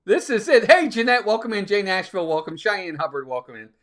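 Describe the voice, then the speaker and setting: A man's voice: sits high, brisk, fairly bright tone. A man hosting a casual live stream, upbeat, laughing often and greeting viewers by name. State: out of breath.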